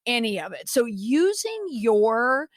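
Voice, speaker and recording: A woman's voice: on the high side, sing-song, takes it slowly, no room sound. A middle-aged woman hosting a podcast, her voice moving freely up and down as she chats. She steers the interview with light, joking asides. The sound is close and dry. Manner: friendly, laughing asides, guides the talk back. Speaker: podcast host.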